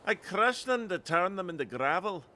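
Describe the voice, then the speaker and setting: Man voicing a wary old Scottish lighthouse keeper for a video game, rough brogue, sharp forceful tone. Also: high voice, very animated, moderate pace, slight background noise, voice pushed up, full character voice. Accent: put-on Scottish.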